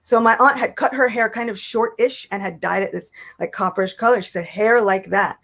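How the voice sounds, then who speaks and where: Animated woman telling a personal story. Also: a little high, brisk. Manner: animated storyteller, acts out quoted voices. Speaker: guest speaker. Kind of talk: casual spiritual talk, storytelling.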